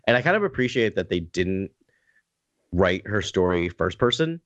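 A man's voice: deep voice, very animated, normal speed, a bit bright, dry recording, muffled recording. A man co-hosting a podcast, chatting casually with many fillers and restarts. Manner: rambling, lots of fillers and restarts. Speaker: podcast co-host. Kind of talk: casual discussion.

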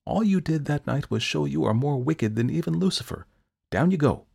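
A man's voice: on the high side, lively intonation, moderate pace, gravelly, darkish tone, slightly rough, pitched above the performer's own voice, heavily acted. Disapproving old saint at the gate, firm and a bit raised, man doing it. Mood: stern. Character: stern older male saint, judging gatekeeper.

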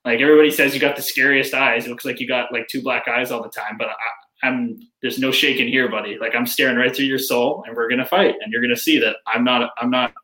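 A young man, a professional hockey player, telling fight stories in a casual interview with blunt, animated talk. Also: mid-range voice, fast talker, echoey room, rough recording. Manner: blunt, animated storytelling with swearing.

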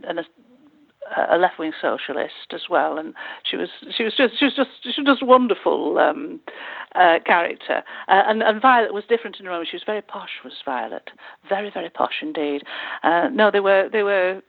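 An older woman reminisces about her acting days, halting often and restarting with an amused lilt. Her voice sits low and a little husky. It comes through a dry, tinny phone-like line. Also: no echo. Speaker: guest, former actress. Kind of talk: reminiscing interview.

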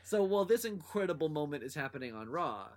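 A podcast co-host in casual chat, lively and laughing, with sassy asides. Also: medium pitch, fast talker. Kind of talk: casual chat recapping wrestling.

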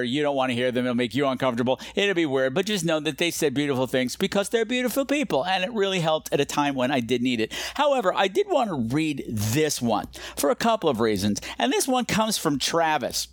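A man's voice: on the high side, dry recording, studio quality. A man hosting a podcast, talking candidly and earnestly with a self-deprecating touch. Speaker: podcast host. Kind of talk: casual podcast talk.

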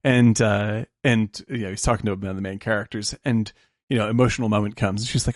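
A man co-hosting a podcast in casual chat, animated, laughing often and swearing casually. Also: lowish voice, quick pace, no room sound, studio quality. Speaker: podcast co-host.

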